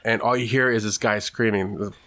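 A young man casually telling a story in a podcast chat, animated and swearing often, acting out what people said. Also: fairly low pitch, normal speed. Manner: animated, swears a lot, acts out quotes.

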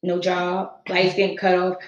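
A woman's voice: lowish voice, unhurried, highs cut off. A young adult woman hosting a podcast, telling her own story in casual heartfelt talk, acting out quotes as she goes. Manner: expressive storytelling, acts out quotes. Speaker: podcast host. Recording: echoey room.

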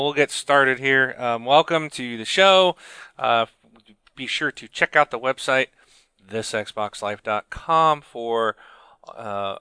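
A man hosts a laid-back gaming podcast with an easy, joking manner and a habit of trailing fillers. His voice is bright and smooth, and it is recorded close and dry with no room sound. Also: mid-range voice, dry recording. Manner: jokey, laughs often, loose with fillers. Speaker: podcast host. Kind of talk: casual gaming podcast chat.

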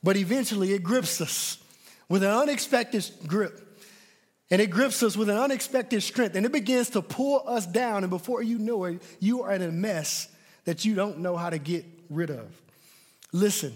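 High-voiced preacher in a reverberant hall. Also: male voice, moderate pace, a little mellow. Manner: emphatic, repeats words when stressing points. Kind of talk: sermon.

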